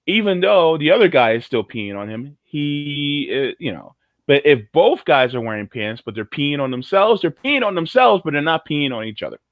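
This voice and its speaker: A man's voice: fairly high pitch, no echo. A man co-hosting a casual livestream chat, rambling and jokey with many restarts. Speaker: co-host. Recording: muffled lo-fi audio.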